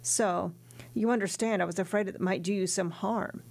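A woman voicing a gentle, frugal old father in an audiobook reading. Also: medium pitch, steady tone, moderate pace, creaky.

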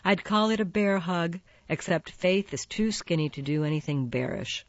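A woman's voice: on the low side, lively intonation, moderate pace, no echo, dull audio. A woman narrating a first-person novel in a wry, matter-of-fact way. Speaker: audiobook narrator.

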